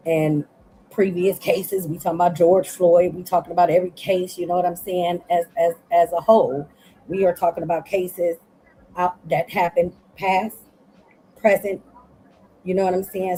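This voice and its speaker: Tired, low-voiced woman on a call. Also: mellow, slight background noise, low-quality recording. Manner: earnest, rambling, repeats "you know what I'm saying". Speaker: panel guest. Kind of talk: casual live panel discussion. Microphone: online call audio.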